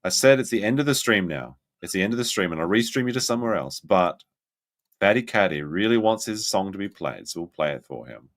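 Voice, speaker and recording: A livestream host with a deep voice speaks briskly as he reacts to clips. His excitable commentary keeps breaking into laughter and sudden shrieks.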